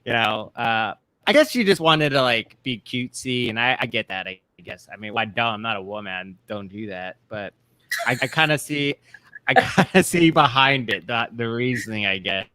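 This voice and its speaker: A man's voice: mid-range voice, expressive, normal speed, sharp tone, clear, resonant tone, no room sound. A man co-hosting a casual TV recap chat, rambling with many fillers and restarts. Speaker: co-host.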